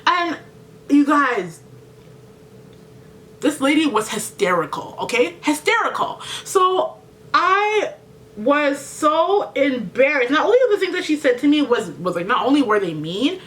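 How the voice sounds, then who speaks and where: A woman's voice: high voice, big pitch swings, unhurried, fairly bright tone. Chatty woman telling an emotional story. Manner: chatty, fills with "like", speaks to viewers as "you guys"; emotional, close to tears. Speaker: vlogger. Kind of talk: emotional get-ready-with-me storytelling.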